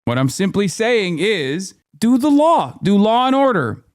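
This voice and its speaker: A man's voice: high voice, measured pace, dry recording, studio quality. Heated, ranting man streamer. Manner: heated, profane, animated ranting. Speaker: streamer and political commentator. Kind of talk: live-stream reaction commentary.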